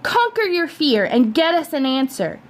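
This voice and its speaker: An easygoing dad, read by a woman speaks in measured, mock-stern lines. It is a storybook read-aloud with a fairly high voice. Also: sing-song. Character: easygoing joking family father.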